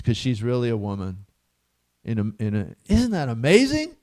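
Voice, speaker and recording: A man's voice: mid-range voice, huge pitch swings, normal speed, a little mellow. A man giving a casual scripture class in a temple hall, chatty and laughing often as he quizzes his listeners.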